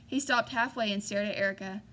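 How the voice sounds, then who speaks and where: A woman's voice: medium pitch, steady tone, a little fast, a bit bright, a little hiss or hum. A woman narrating a novel in the first person, voicing the characters lightly. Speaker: audiobook reader.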